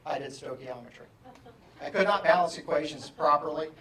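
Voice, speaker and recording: A man's voice: a little high, a little fast, distant mic. Self-mocking man on stage in an echoey hall. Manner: animated, self-mocking humor. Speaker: motivational speaker. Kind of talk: keynote storytelling.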